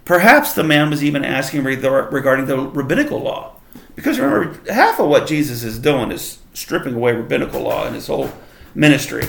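Gravelly man explaining scripture casually. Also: mid-range voice, animated, fairly quick, a bit bright, echoey room. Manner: reads scripture aloud and explains it conversationally. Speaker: Bible teacher. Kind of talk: casual Bible study talk.

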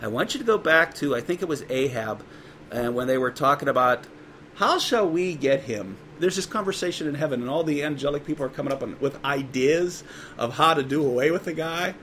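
A man preaching a sermon in a conversational way, with quick asides and dramatic quoted voices. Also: fairly high pitch, fairly bright tone, slight background noise. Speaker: pastor.

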